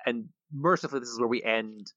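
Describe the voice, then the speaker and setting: A man's voice: medium pitch, a little fast, a bit bright, no room sound, muffled recording. A man co-hosting a podcast, recapping an episode casually with dry sarcasm. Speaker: podcast co-host. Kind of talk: casual episode review chat.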